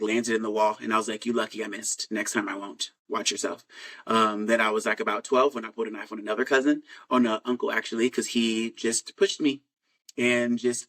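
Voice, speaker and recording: A man's voice: on the low side, bright, forceful tone, poor audio. A man telling a personal story in a frank, rambling way, with many fillers and restarts.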